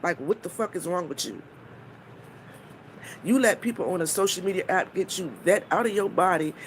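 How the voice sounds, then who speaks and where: Speaking at normal speed with a lowish voice, a woman addresses her live-stream viewers bluntly and mockingly, cursing freely. She stops to say hello to people in the chat, and there's a faint hiss or hum on the audio.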